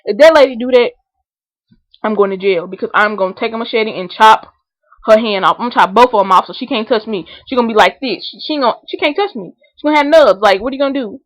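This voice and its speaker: A woman vlogging a comedic rant, animated and indignant. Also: fairly high pitch, fast, no echo, rough recording. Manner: animated, indignant, acts out scenarios in voices.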